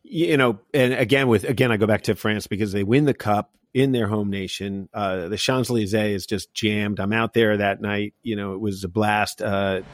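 A man's voice: on the low side, no room sound. Chatty middle-aged man, dry sound. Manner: rambling storyteller, many fillers. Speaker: podcast host. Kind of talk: casual chat.

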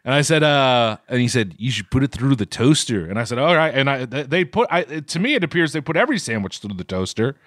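Rambling, lively man telling a story. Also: mid-range voice, fast talker, few pauses, no room sound, clean studio sound. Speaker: podcast co-host. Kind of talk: casual food podcast chat.

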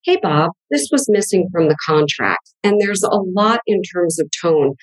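A woman business coach answering interview questions in a plain, direct, steady way. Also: fairly low pitch, moderate pace, no echo, rough recording.

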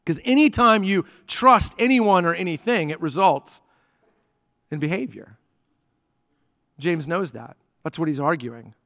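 A man's voice: high voice, fairly bright tone, no echo, studio quality, in a large hall. A man preaching a sermon to a church congregation, telling stories and acting out the dialogue in them. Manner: storytelling, acting out quoted dialogue. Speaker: pastor. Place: church sanctuary.

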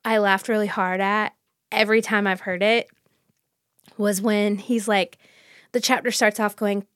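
A woman co-hosting a podcast in casual, animated book chat, laughing often as she talks. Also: medium pitch, measured pace, smooth, no room sound, studio quality. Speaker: podcast co-host.

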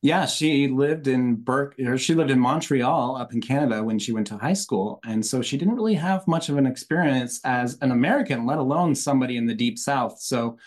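A man in a mid-range voice, a guest author on an interview podcast. He explains things in a measured, conversational way, now and then with a light laugh. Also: mid-range voice.

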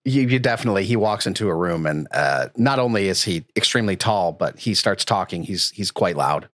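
Brief: Texan guy, lowish voice with a lively swing, dry close sound, wry podcast chat. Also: fairly quick, dry recording. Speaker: tabletop game player. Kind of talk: casual chat.

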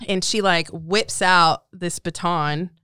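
Woman podcast co-host, chatty, laughing often, deep voice. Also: fairly even intonation, slow pace, sharp tone, clear, resonant tone, no room sound, clean studio sound. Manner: chatty, explains at length with frequent laughs. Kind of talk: casual podcast chat.

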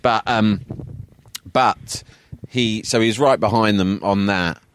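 A man's voice: on the low side, slow pace, smooth, no echo. An Englishman on a podcast in casual chat, animatedly retelling a story and acting out the quotes.

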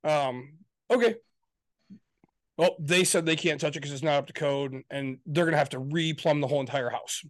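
A man's voice: a little high, normal speed, no echo. A man co-hosting a podcast, venting in casual chat with frequent swearing and acted-out quotes of his family. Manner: venting, profane, exasperated; acts out quoted exchanges. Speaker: podcast co-host.

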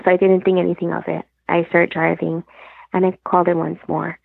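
A woman's voice: fairly low pitch, little pitch movement, fairly quick, gravelly, dry recording. A woman guest on a phone call, earnestly telling her story and retelling the conversations along the way. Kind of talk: personal storytelling. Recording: tinny phone line, dry.

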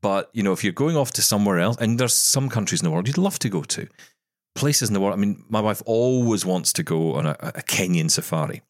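A man with a very deep voice chats casually as a podcast co-host. He tells stories and drops jokey asides. The sound is dry and close. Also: lively intonation, fairly quick, dry recording. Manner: chatty, storytelling, jokey asides. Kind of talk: casual chat.

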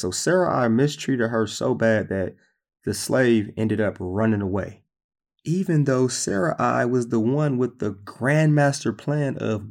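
Gravelly-voiced male preacher. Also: mid-range voice, a little slow. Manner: conversational, animated storytelling. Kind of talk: sermon.

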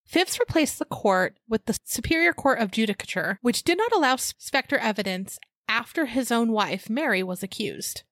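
A woman's voice: a little high, animated, moderate pace, hardly any pauses, a bit bright, no echo. A young woman co-hosting a podcast, reading history notes with casual asides and frequent laughs. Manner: chatty, laughs often, reads notes with asides. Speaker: podcast co-host. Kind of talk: casual chat and read history.

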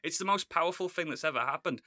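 An excitable man chats on a podcast, rambling and laughing as he goes. His voice is very bright and a little high, and the recording is close and dry. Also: fast, no echo. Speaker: podcast co-host. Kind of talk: casual chat.

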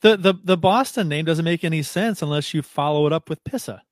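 A man co-hosting a casual hockey podcast, incredulous and quick to laugh, often restarting his sentences. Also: a little high, dry recording, clean studio sound. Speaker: podcast co-host.

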